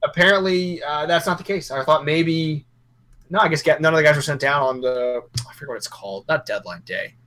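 Bright-voiced man rambling about hockey. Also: fairly high pitch, fairly quick. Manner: rambling, joking, self-correcting. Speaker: hockey podcast co-host. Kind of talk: casual sports chat.

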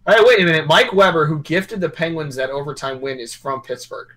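Casual male sports podcast co-host, slightly high, bright and forceful voice, loose joking delivery. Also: expressive, brisk. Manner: rambling, joking, self-correcting.

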